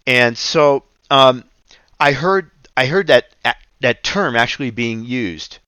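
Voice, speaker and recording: A man hosting a radio ministry show, teaching and reading scripture in an earnest, unhurried way. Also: medium pitch, expressive, bright, forceful tone, clean tone, no room sound. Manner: slow, earnest, reads scripture aloud.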